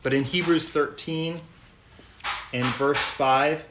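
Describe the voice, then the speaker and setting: A man's voice: fairly high pitch, steady tone, slow pace. Earnest preacher man in echoey room. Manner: gentle, earnest, repeats phrases for emphasis. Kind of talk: sermon. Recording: echoey room, faint noise.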